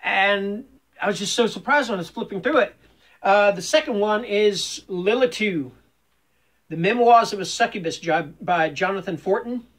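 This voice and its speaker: A man with a high voice chats through a casual book tag video, rambling, stumbling over himself and restarting his sentences. He gets enthusiastic when he talks about the books he loves. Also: moderate pace, a bit bright. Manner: rambling, self-correcting, many fillers. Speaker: booktube vlogger.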